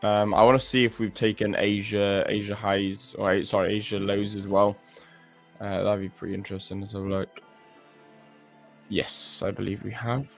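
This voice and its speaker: A man's voice: fairly low pitch, flat delivery, moderate pace, vocal fry, faint music behind. A man hosting a live trading stream, chatting casually and joking while he stammers and restarts as he walks through charts.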